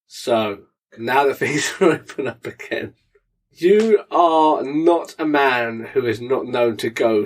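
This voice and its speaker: A man's voice: mid-range voice, expressive, slow, far from the mic. A man co-hosting a podcast, chatting casually with self-mocking humour. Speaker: podcast co-host. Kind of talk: casual banter.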